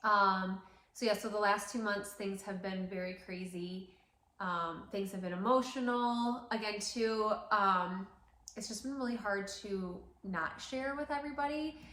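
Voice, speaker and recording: A woman's voice: mid-range voice, a little slow, pushed and bright. A woman in her thirties who owns a salon, chatting casually and emotionally to camera, tearing up, with lots of fillers. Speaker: salon owner. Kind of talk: casual vlog chat to camera. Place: salon interior. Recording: roomy echo.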